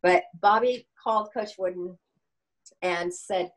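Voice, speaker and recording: A woman in her sixties, a gymnastics coach and author, gives a storytelling interview answer, animatedly sharing anecdotes and acting out the dialogue. She speaks at a measured pace in a mid-range voice, and the audio quality is poor.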